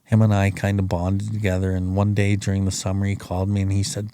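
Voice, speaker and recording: Middle-aged male podcast host, blunt and profane storyteller; dark, dry close sound. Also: low voice, monotone, brisk, few pauses, dry recording. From Canada. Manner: rambling, profane, plain-spoken. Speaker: podcast host sharing his recovery story. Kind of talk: casual storytelling.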